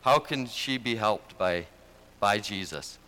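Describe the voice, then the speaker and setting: A man's voice: lowish voice, lively intonation, takes it slowly, bright, forceful tone. A man preaching a sermon as pastor, speaking in an earnest, conversational way.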